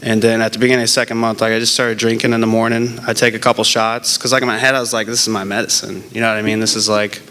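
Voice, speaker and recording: A man, likely in his twenties, talks through his past in a casual, unscripted way, starting over and trailing off often. His voice is smooth and clean, at an ordinary pitch, and his tone stays frank and self-mocking. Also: little pitch movement, bright, forceful tone. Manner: rambling, halting, many fillers and restarts; candid and self-deprecating. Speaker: person in recovery sharing his story. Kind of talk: casual personal testimony.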